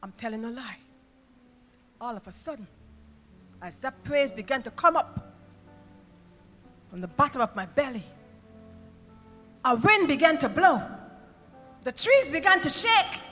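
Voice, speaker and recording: A woman preaching an impassioned sermon in a church, moving from quiet storytelling to shouted praise. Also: high voice, lively intonation, measured pace, pauses often. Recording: reverberant church hall with music behind.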